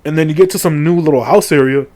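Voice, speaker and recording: A man's voice: a little high, fast talker, a little mellow. A middle-aged man casually retelling a video game story, crude and full of swearing and fillers. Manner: crude, profane and joking, with lots of fillers. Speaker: video creator. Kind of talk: casual rambling game recap.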